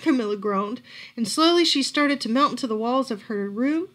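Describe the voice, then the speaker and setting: A woman reading a picture book aloud at a library storytime, expressive and lively. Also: on the high side, moderate pace.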